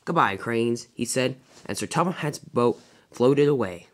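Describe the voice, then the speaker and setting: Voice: medium pitch, animated, normal speed, a little mellow. A narrator telling a toy train fan-film story in a dramatic, storybook way.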